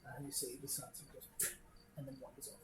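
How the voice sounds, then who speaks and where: A woman's voice: extremely low pitch, level tone, fast talker, echoey room, very noisy. A woman narrating a tabletop game as game master, describing scenes with many hesitant fillers.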